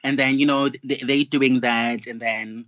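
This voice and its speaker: A man's voice: mid-range voice, fairly even intonation, moderate pace, fairly bright tone, slight background noise. A young man, ranting indignantly and profanely in a gossip vlog. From South Africa. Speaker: gossip vlogger. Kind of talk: angry ranting monologue.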